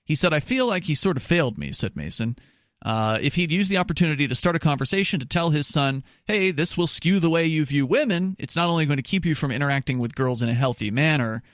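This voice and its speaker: Talk radio host, higher male voice. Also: lively intonation, fast, dry recording, studio quality. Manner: conversational with frequent restarts and asides. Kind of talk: call-in talk radio, reading news stories.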